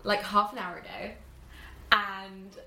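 Animated young woman in an echoey room. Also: medium pitch, slow. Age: 20s. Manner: animated, acts out scenes with loud swearing and laughter. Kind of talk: casual movie review chat. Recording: echoey room with faint background noise.

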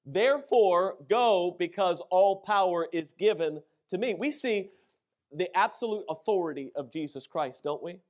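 A middle-aged man preaching a sermon, telling funny personal stories with lively acted-out quotes. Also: sits high, normal speed. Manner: animated storytelling, acts out shouted quotes. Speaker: pastor.

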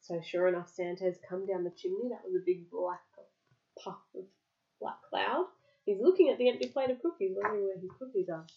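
A woman reading a picture book aloud to a child, lively, pausing to explain words and answer questions. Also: medium pitch, muffled recording.

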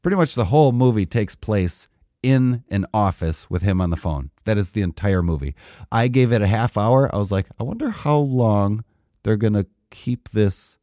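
A man's voice: on the low side, moderate pace, no room sound, clean studio sound. Rambling, laid-back podcast co-host man. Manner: relaxed, rambling, self-deprecating. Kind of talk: casual chat.

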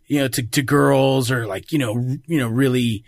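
A man's voice: mid-range voice, moderate pace, dry recording. A man, a voice actor and comedian, telling stories in casual podcast chat, full of fillers. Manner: animated storyteller, many fillers.

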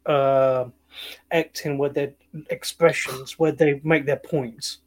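A man co-hosting a casual film review podcast, easygoing and quick to laugh. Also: medium pitch, fairly even intonation. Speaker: podcast co-host.

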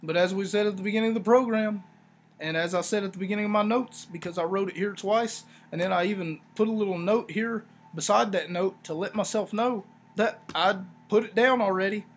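A man hosting a wrestling review podcast, talking casually in a rambling, sarcastic way with animated asides. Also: high voice, slight background noise. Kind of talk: casual solo review talk.

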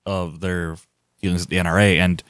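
A man's voice: sits low, level tone, fairly quick, a bit bright, no echo, clean studio sound. A man co-hosting a casual movie podcast, eagerly recounting scenes. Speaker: podcast co-host.

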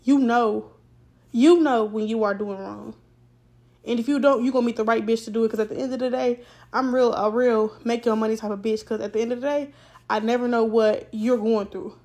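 A young woman with a fairly high voice hosts her own podcast. She tells her story in a loose, rambling way, blunt and full of swearing. The delivery is relaxed and chatty. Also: fairly quick. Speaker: podcast host. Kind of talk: casual storytime monologue.

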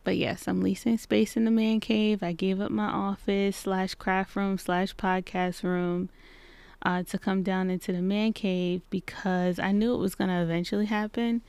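A woman in her thirties hosting a casual solo podcast from her home basement, chatting and acting out little exchanges in lively voices. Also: mid-range voice, normal speed, gravelly, clean tone, no echo. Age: 30s. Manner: chatty, acts out quoted exchanges in animated voices. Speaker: podcast host. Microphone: podcast microphone.

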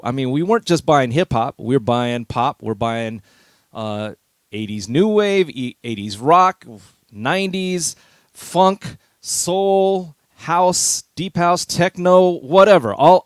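A man's voice: a little high, slow, clear, resonant tone, no echo, clean studio sound. Easygoing middle-aged man reminiscing. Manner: easygoing, reminiscing, chuckles often. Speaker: veteran DJ guest. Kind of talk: relaxed storytelling interview.

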